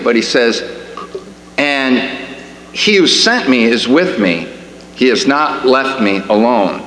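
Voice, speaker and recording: Preaching from a church sanctuary, a man with a medium-pitched, fairly bright voice speaks conversationally, building to emphatic questions and often restarting. The echoey hall carries a faint hum.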